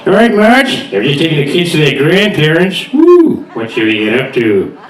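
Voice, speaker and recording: A man's voice: on the high side, sing-song, normal speed. A man voicing a crude, randy cartoon dad, Homer Simpson, at a comedy gig in an echoey room. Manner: leering, crude. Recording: echoey room, loud audience.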